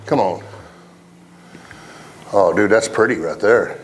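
A man's voice: fairly low pitch, slow pace, a little hiss or hum. A man telling loose, laughing stories and swearing freely as a guest, chatting casually while playing golf outdoors. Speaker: country singer, interview guest. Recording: faint music under the talk.

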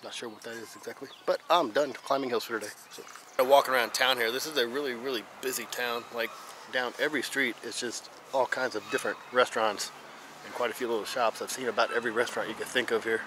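A man's voice: medium pitch, steady tone, fast. A man with an American Midwest accent, rambling through a casual travel vlog with fillers, tired and out of breath from walking uphill. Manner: rambling, with fillers and self-corrections. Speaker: travel vlogger. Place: outdoors on town streets and a hilltop. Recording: outdoor street noise with traffic. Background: street and vehicle noise.

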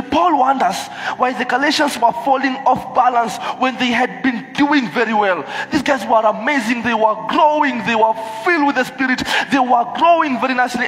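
A man preaching an animated sermon to a church congregation, acting out the voices of the people he quotes. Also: very high voice, a little hiss or hum. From Kenya. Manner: animated, switches into Swahili, acts out quoted voices. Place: church hall. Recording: echoey church hall with music.

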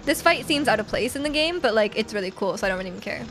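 A young woman live-streaming a video game, giggling, reacting excitedly and teasing her chat as she plays. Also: fairly high pitch, quick pace, slight background noise. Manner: reads chat aloud and teases viewers. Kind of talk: casual live game stream, chatting with viewers. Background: faint game music.

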